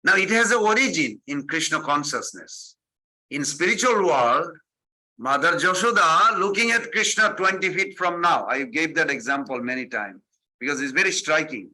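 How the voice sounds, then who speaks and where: A man teaches a spiritual lesson through animated stories, repeating phrases and slipping into quoted voices. His voice is strikingly bright and sits a touch high for a man. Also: normal speed, low-quality recording. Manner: animated storytelling, acting out quotes, repetitive phrasing. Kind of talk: devotional sermon with stories.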